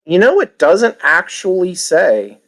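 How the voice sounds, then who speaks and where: A tabletop game player speaking at an ordinary pitch, describing their moves plainly and matter-of-factly. They pause now and then to think before answering. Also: big pitch swings, a bit bright.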